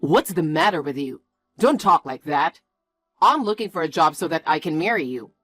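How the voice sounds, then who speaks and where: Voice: medium pitch, animated, normal speed, fairly bright tone, no echo, soft background music. A voice actor playing a stubborn, defensive young man in scripted story dialogue, blunt and bossy. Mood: angry.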